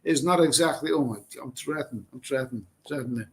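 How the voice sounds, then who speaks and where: A man's voice: mid-range voice, a little fast. A middle-aged man from England hosting a live stream, reading out viewer comments and reacting in a blunt, rambling way, swearing casually and repeating himself. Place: Thailand.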